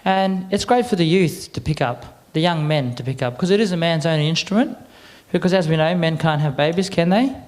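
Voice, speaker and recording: An Australian man presenting to a live audience, chatty and a little croaky, getting the crowd to repeat words back. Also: on the high side, brisk, hardly any pauses, a little mellow. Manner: chatty, quizzes the crowd with call-and-response. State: a bit croaky. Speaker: cultural presenter. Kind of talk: lively audience address.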